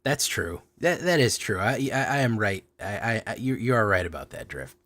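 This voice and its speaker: A man's voice: lowish voice, moderate pace. A man hosting a card game stream, talking in a playful, joking way. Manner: playful, joking, lively delivery. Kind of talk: casual stream commentary.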